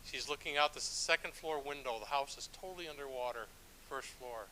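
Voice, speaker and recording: Bright-voiced male church elder preaching. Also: medium pitch, fairly quick, a little hiss or hum, rough recording. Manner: conversational, self-deprecating, frequent restarts. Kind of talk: sermon with storytelling.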